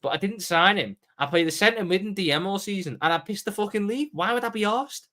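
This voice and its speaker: Male co-host, rapid and bright, swears, spars with the host. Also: high voice. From the Wirral, England. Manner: animated, swears, quick comebacks. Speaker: co-host, football pundit. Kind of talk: casual banter.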